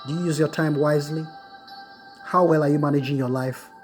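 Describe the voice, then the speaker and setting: A man's voice: on the high side, fairly even intonation, faint music behind. Lecturing man who repeats key words. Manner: repeats key phrases slowly for students to note. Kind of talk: recorded lecture on Buddhist wisdom.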